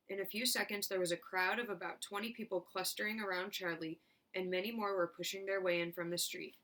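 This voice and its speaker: A woman teacher reading a children's chapter book aloud with clear, expressive narration. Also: mid-range voice, a little fast. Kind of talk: storybook read-aloud.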